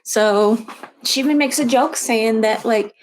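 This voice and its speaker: A woman's voice: fairly high pitch, measured pace, slight background noise. A woman casually retelling a true crime story, chatty, with lots of fillers and restarts.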